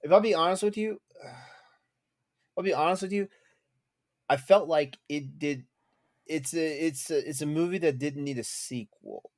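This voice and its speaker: A man's voice: fairly high pitch, a little slow, pauses often, darkish tone. A man co-hosting a casual podcast chat, speaking candidly with swearing and repeating himself. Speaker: podcast co-host.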